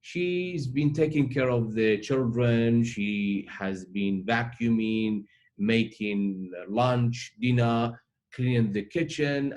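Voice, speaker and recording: A man's voice: mid-range voice, a little mellow. A man teaching a religious ethics class in a conversational way, explaining through everyday examples.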